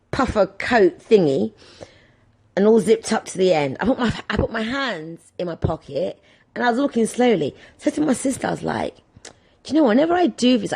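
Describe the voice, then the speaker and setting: A woman's voice: medium pitch, husky. A woman in her thirties hosting a podcast, telling casual stories and acting out the people in them. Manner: animated, acts out voices in her anecdotes. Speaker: podcast host. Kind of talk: casual storytelling monologue.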